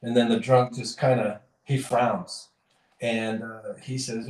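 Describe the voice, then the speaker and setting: A podcast host chats casually and tells jokes, rambling, correcting himself, and chuckling through his stories. His voice is medium-pitched and darkish, slow, with little pitch movement. The mic sits at a distance in a roomy space.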